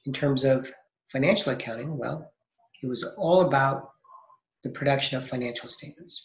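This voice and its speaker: A man's voice: mid-range voice, moderate pace. A man teaching an accounting lesson, explaining step by step and posing questions he then answers himself. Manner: explanatory, asks and answers his own questions, frequent restarts. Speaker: accounting instructor. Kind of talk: recorded lecture. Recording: echoey, dull lo-fi recording.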